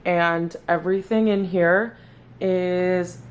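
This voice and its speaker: A woman's voice: lowish voice, fairly even intonation, moderate pace, a bit bright, a little hiss or hum. A young woman vlogging at home in a casual, rambling way, full of "like" fillers, and she sounds a bit stuffy. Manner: chatty, rambling, lots of "like" fillers. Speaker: lifestyle vlogger. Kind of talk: casual vlog chat to camera. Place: at home in an apartment. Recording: echoey room.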